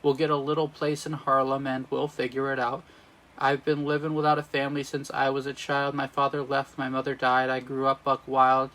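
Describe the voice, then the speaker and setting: A man's voice: mid-range voice, completely flat delivery, brisk, a bit bright, lightly acted. A man reading the part of a poor but proud young man, speaking sung lyrics with restarts. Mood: earnest. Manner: reads sung lyrics as speech, with slips and restarts.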